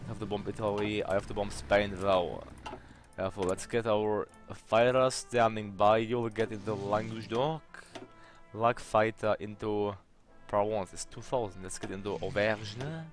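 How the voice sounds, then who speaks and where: A man's voice: lowish voice, fairly even intonation, unhurried, soft background music. A young man commenting on his strategy game as he plays, thinking aloud and swearing when the game bugs out. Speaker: let's play host.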